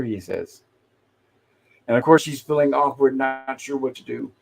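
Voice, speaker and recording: A man's voice: mid-range voice, measured pace, creaky, slight background noise. A man hosting a casual livestream, recapping an old sitcom episode and acting out bits of dialogue as he goes. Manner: retells scenes, briefly acting out lines. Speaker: podcast host reviewing a classic sitcom.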